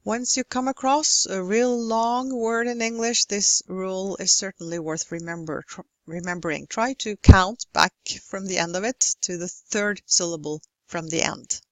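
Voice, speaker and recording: A woman teaching English word stress in a recorded lecture, slowly and carefully modelling each example word. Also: mid-range voice, steady tone, fairly bright tone, no room sound. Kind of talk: recorded lecture over slides.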